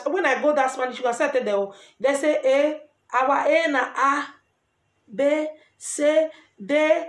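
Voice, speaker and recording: A middle-aged woman with a Nigerian Pidgin English accent, earnestly giving lively advice in a casual vlog. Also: high voice. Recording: echoey room.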